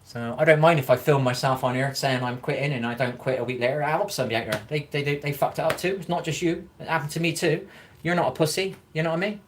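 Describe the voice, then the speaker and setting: A man's voice: a little high, fairly even intonation, fast, a little hiss or hum. Frank, rambling man on a livestream. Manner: rambling, frank, swears freely; encouraging. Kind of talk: casual livestream chat answering viewer comments.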